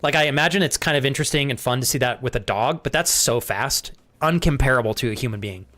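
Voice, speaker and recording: A young man streaming a game live, chatting casually with viewers, thanking them by name, swearing freely, and jumping high in pitch when he gets excited. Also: fast talker.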